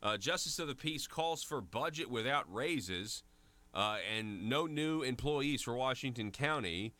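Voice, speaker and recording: A man's voice: mid-range voice, expressive, unhurried, sharp tone, dry recording. A man with a Southern American accent hosting a talk radio show, chatty and joking with his guests.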